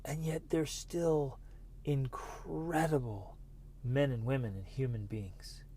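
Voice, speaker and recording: A middle-aged man hosting a motivational podcast, talking earnestly and breaking into bursts of excitement. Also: medium pitch, takes it slowly, a little hiss or hum. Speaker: podcast host.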